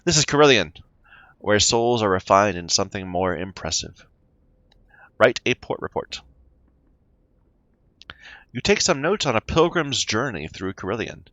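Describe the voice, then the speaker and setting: A man plays a story game, reading its text aloud and talking through his choices, stumbling over unfamiliar words. His voice is on the low side, a bit bright and sing-song, unhurried with long pauses, in a dry, dull-sounding recording.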